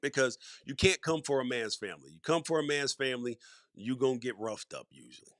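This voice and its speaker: Bright-voiced man hosting a sports podcast. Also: medium pitch, lively intonation, brisk, no room sound, studio quality. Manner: conversational, emphatic, repeats for stress. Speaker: podcast host. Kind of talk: solo sports commentary.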